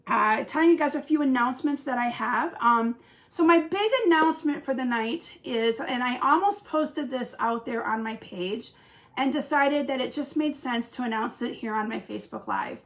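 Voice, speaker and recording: A woman from Michigan hosts a casual live craft stream, chatting with viewers and greeting them by name. Her voice is a little high and slightly hoarse from a recent cold, and she speaks at normal speed.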